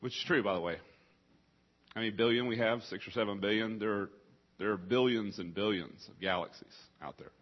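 A man preaching a sermon to a congregation, his voice husky and interrupted by coughing. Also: fairly low pitch, a little fast, dull audio. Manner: coughing, choked up.

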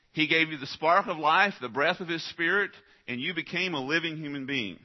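A man preaching a sermon, direct and emphatic, often putting questions to his listeners. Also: medium pitch. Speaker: pastor. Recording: dull lo-fi recording.

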